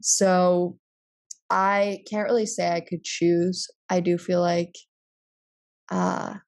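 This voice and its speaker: A young actress speaking in a thoughtful, earnest, measured way during a casual conversation. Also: female voice, lowish voice, level tone, gravelly, darkish tone. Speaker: actress, guest.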